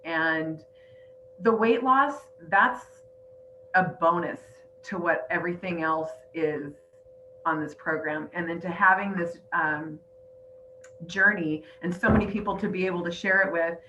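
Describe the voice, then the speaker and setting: A woman's voice: on the low side, unhurried, lo-fi sound, background noise. A middle-aged woman and grandmother earnestly telling her personal story on a group call, teary and emotional. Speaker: weight-loss coach sharing her story. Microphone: online call.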